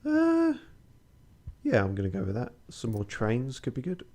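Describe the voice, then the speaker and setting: A man's voice: mid-range voice, wildly swooping pitch, normal speed, mellow. A tired man streaming a game, reading its text aloud and making wry, muttered asides.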